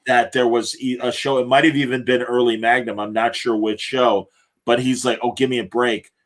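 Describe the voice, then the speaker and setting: A man co-hosting a laid-back podcast, speaking at a middle pitch. He wanders through old film and TV trivia, restarting and correcting himself as he goes. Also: little pitch movement, normal speed. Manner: rambling, self-correcting, trivia-heavy. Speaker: podcast co-host. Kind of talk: casual podcast chat.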